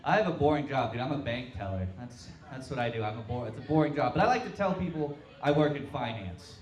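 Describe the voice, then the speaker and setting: A young man from Tulsa performing a stand-up set with deadpan, self-mocking crude punchlines. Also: medium pitch, fast. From Tulsa, Oklahoma. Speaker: stand-up comic. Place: brewery comedy stage, live crowd. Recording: roomy live-venue sound.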